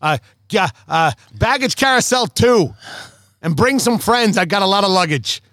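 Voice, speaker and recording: A man putting on a brash Boston accent, playing a loud guy calling his friend from the airport. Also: sits high, expressive, moderate pace, no room sound, studio quality.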